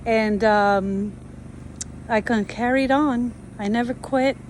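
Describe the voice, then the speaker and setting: A woman's voice: on the high side, takes it slowly, slight background noise, low-quality recording. A woman speaking casually to camera at her wooded building site, with many fillers and restarts. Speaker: tiny house builder. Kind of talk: casual vlog talk to camera.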